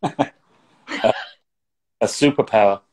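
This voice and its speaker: A man's voice: fairly low pitch, takes it slowly, a little mellow. A middle-aged man from England speaking as an interview guest, earnest and reflective, often repeating words as he searches for them. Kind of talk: interview conversation.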